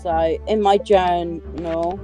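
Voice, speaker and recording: A woman playing a co-op game, unhurried, giving short replies and reading off her quest list. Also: on the low side, steady tone. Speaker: co-op player. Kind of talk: casual co-op gaming chat. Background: game music.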